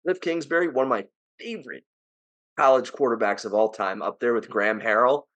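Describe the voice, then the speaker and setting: A man's voice: mid-range voice, a little fast, a bit bright, muffled recording. A man with a New Jersey accent co-hosting a sports podcast, opinionated and prone to exasperated, profane rants. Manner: opinionated, ranting, swears, rising to exasperated outbursts. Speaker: podcast co-host. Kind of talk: casual sports talk.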